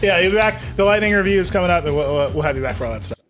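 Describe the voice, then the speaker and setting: A man hosts a podcast in casual chat. He is quick and jokey and fills his talk with "like." His pitch moves around a great deal, so he sounds animated. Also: soft background music. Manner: quick, jokey, filler-heavy. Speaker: podcast host.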